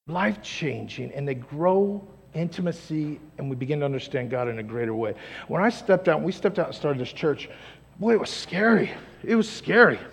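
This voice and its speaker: A man pastor preaching a sermon in a church, energetic and humorous, swinging between loud exclamations and hushed lines. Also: mid-range voice. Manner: humorous, acts out quick voices. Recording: long hall reverb in a church.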